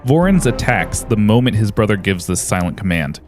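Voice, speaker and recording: Man, low voice, game master, dramatic combat narration, faint music behind. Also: very animated, a little fast, a little mellow.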